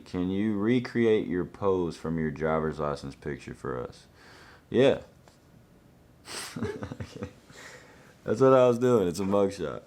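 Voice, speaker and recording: Laid-back guy, young, real low voice, chatting through fan questions. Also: warm tone. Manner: laid-back, easygoing answers. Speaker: country singer answering fan questions. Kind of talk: casual Q&A, reading out fan questions.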